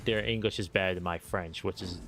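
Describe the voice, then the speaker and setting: An American man streaming a game, talking in a relaxed, opinionated, conversational way. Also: low-pitched, a little fast, slight background noise. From United States. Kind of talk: casual chat while gaming.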